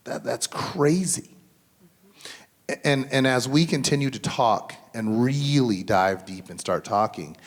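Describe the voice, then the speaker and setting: A man in his thirties or forties speaking at a school mental health symposium, earnest and conversational with many fillers and restarts. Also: lowish voice. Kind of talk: symposium panel talk. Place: school event.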